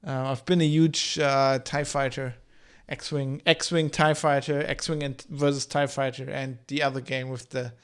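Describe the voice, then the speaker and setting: A man in his thirties from Germany with a mixed, slightly German English accent, chatting loosely while streaming a game and reading chat aloud, with a slight rasp. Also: mid-range voice, little pitch movement, a little slow. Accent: German-tinged mixed English. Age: 30s. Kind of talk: casual game commentary.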